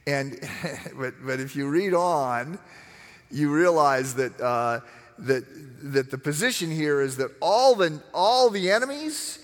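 A middle-aged man preaching a sermon, telling stories with lively acted-out voices. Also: on the high side, takes it slowly, long reverb tail. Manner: animated storytelling, acts out voices. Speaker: pastor.

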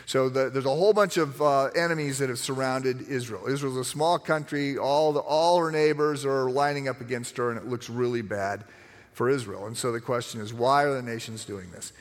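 A middle-aged man preaching a sermon, telling stories with lively acted-out voices. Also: mid-range voice, normal speed, in a large hall. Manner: animated storytelling, acts out voices. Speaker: pastor.

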